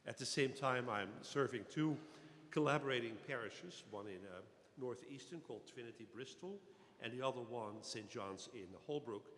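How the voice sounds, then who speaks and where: A man, a deacon, preaching a sermon in a measured way, pausing with fillers and lifting his voice on key phrases. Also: medium pitch, fairly bright tone, a little hiss or hum. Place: cathedral. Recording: long cathedral reverb.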